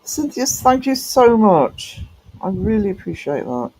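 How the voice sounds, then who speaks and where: A man's voice: high-pitched, very animated, measured pace, darkish tone, poor audio. A man live-streaming and chatting casually with viewers, greeting them by name with affectionate pet names, his voice cracking a little.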